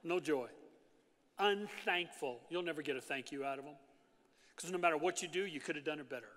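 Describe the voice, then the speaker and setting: A man preaching a lively sermon, talking with his congregation and tossing them asides as he goes. His voice is bright and forceful, a little higher than most men's, and it rings out across a large church hall with a long echo. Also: brisk. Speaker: pastor.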